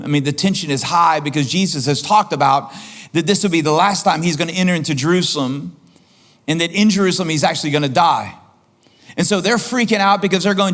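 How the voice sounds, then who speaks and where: A man preaching a sermon as pastor, impassioned, repeating phrases and climbing in pitch for emphasis. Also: a bit bright. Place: church auditorium.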